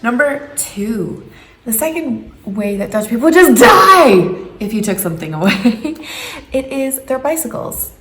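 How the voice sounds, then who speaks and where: A woman's voice: fairly high pitch, big pitch swings, a little slow, a bit bright, faint music behind. A woman in her thirties, hosting a casual, joking home vlog and putting on exaggerated voices when she quotes people. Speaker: vlogger. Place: home room. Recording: echoey room with faint background noise.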